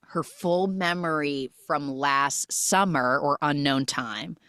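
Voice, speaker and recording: A woman with a low voice recaps a movie for a podcast in an animated storytelling style. She keeps switching into quotes from the characters. The recording is dry and close. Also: no room sound. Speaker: podcast host.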